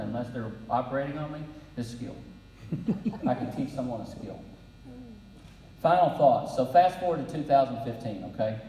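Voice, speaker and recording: A man's voice: mid-range voice, warm tone, slight background noise. A middle-aged man giving a faith-based leadership talk at a breakfast, telling folksy stories with dry humor. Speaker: breakfast speaker. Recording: roomy hall, distant mic.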